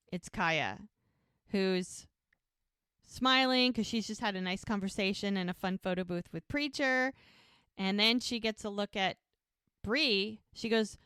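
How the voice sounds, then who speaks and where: A woman's voice: mid-range voice, unhurried, fairly bright tone, smooth, no echo, studio quality. Chatty woman retelling a scene. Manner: retells scenes with quoted dialogue, laughs often. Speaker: podcast co-host recapping episodes. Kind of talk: casual recap chat.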